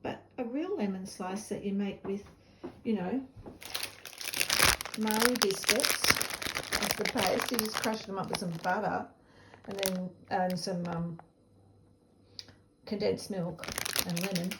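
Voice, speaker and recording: A woman's voice: medium pitch, fairly even intonation, slow, long pauses, noisy background. A woman with an Australian accent chatting casually to camera in her home kitchen, rambling from one thing to the next and laughing often. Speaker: vlogger. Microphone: camera set down nearby. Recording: echoey room.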